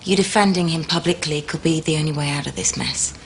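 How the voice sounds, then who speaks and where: A woman's voice: low voice, fast, slight background noise. Pushy female club boss. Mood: persuading. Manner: persuasive, coaxing. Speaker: football club executive. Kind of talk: TV drama acting.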